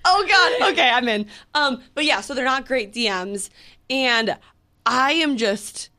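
A woman's voice: high-pitched, lively intonation, measured pace, pushed and bright. A young woman in her twenties co-hosting a podcast, telling a story in casual chat with lots of fillers and quoted back-and-forth. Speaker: podcast co-host.

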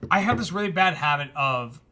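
A man telling a story in casual group chat on a podcast, animated and acting out the quoted lines. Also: a little high, fairly quick. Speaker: podcast host.

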